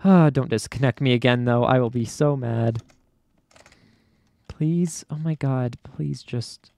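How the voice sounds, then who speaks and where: A young man casually commenting on his own gameplay, thinking aloud, stammering and getting excited. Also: mid-range voice, slow pace, gravelly, no echo. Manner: talks to himself, stammers, excitable. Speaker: gaming YouTuber. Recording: dry close sound with keyboard typing.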